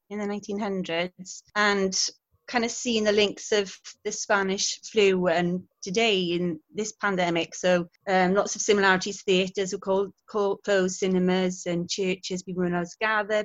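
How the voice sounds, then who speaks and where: A chatty woman tells her stories with a lively, laughing manner. Her voice sits at an ordinary middle pitch. The recording is dull and lo-fi. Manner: chatty, laughs often, animated storytelling. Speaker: guest, historical interpreter. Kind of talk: casual interview chat.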